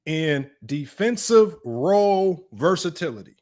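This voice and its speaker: High-voiced blunt sports stream host. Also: male voice, lively intonation, unhurried. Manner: blunt, sarcastic, addresses viewers directly as y'all. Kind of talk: live-streamed sports analysis, reading stats aloud.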